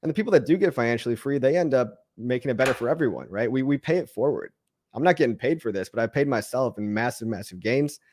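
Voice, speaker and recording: A man talks straight to his livestream audience in a loose, rambling pep-talk voice, often restarting his words. His pitch sits in the ordinary middle for a man, and he keeps the mood upbeat and encouraging. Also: animated, quick pace, darkish tone. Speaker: livestream host answering chat questions. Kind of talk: casual motivational rant.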